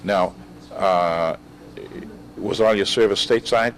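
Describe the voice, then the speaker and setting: Low-voiced male interviewer. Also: takes it slowly, a bit bright, low-quality recording. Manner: brief prompts and follow-up questions. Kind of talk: oral history interview.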